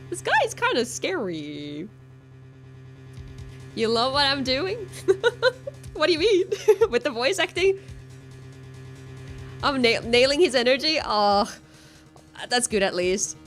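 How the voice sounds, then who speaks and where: A woman's voice: sits high, slow pace, long pauses, faint music behind. Giggly young woman. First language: Finnish. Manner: giggly, excitable, reads dialogue aloud. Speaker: streamer. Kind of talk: game livestream chat.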